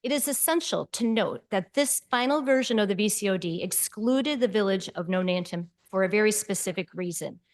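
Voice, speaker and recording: A woman's voice: medium pitch, lively intonation, a little fast, hardly any pauses. A woman resident reading a prepared public comment at a city meeting, pointed and at times sarcastic.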